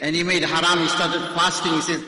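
High bright preacher in an echoing hall. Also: male voice, little pitch movement, fairly quick, crowd noise. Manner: impassioned storytelling, rising to cries. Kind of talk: sermon. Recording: echoey hall, strong reverb.

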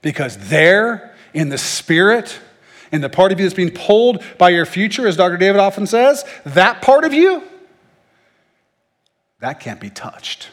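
A man's voice: sits high, big pitch swings, a little slow, in a large hall. A man teaching through Bible verses in a casual, conversational way, with joking asides.

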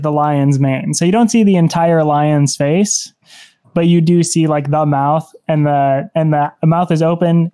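A man's voice: fairly high pitch, dark tone. A man playing in a tabletop game, describing things at length with many fillers. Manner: rambling, lots of "like". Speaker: player.

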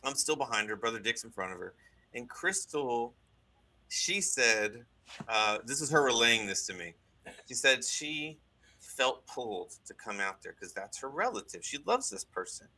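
Man, guest on a talk show, very bright voice, storytelling, restarts and asides. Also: mid-range voice, moderate pace. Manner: animated retelling with many restarts and asides. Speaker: guest recounting a deliverance. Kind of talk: storytelling in casual conversation.

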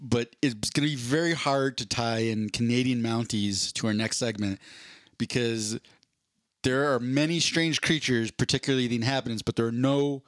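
A man co-hosting a podcast in casual chat, rambling and joking with quick asides. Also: mid-range voice, dry recording, studio quality. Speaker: podcast co-host.

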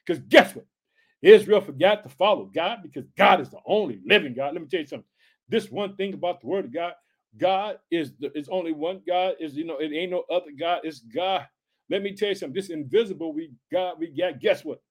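A man preaching an excited podcast sermon, repeating catchphrases and reading scripture aloud. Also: high-pitched, fast.

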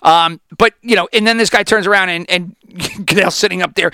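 A man in his forties talks through a sports podcast alone, cursing freely and tripping over restarts. His voice is bright and swoops up and down. The recording is close and dry. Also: high-pitched, fairly quick, hardly any pauses, no room sound. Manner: profane, rambling, animated, with many restarts. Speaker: podcast host. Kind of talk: casual sports podcast monologue.

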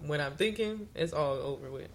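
A woman's voice: low-pitched, animated, moderate pace, very noisy. Young woman guest telling wild stories. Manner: storytelling, swears freely, laughs often. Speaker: podcast guest. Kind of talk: casual chat.

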